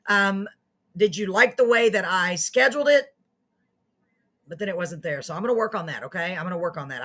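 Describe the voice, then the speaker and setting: A woman's voice: mid-range voice, pushed and bright. A woman hosting a casual live online show, chatting to viewers in a friendly, self-mocking way. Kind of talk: casual livestream chat to viewers.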